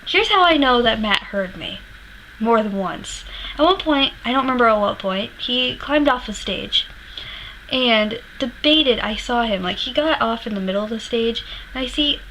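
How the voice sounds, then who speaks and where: Higher-voiced woman telling a story, swearing. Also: moderate pace, a little hiss or hum, low-quality recording. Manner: animated, swears freely, laughs while recounting. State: emotional while retelling. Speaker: vlogger. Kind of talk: personal storytelling to camera.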